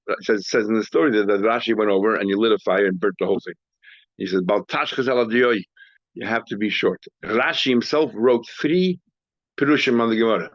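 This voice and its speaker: Halting male rabbi teaching a class. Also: fairly low pitch, dry recording. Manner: halting, with frequent restarts and repeated words. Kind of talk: explaining a text to students. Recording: dry, dull lo-fi recording.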